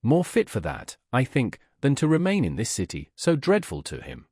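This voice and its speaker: A man voicing a tender, pleading young woman in an audiobook, speaking softly and imploringly. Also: mid-range voice, wildly swooping pitch, moderate pace, husky, no echo, clean studio sound. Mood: earnest.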